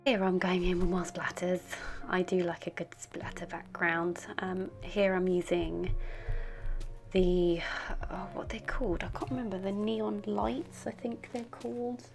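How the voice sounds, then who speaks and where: A woman's voice: on the low side, little pitch movement, unhurried, soft background music. A young woman chatting through a voice-over of her art journal, rambling and self-deprecating. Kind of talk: casual voice-over narration.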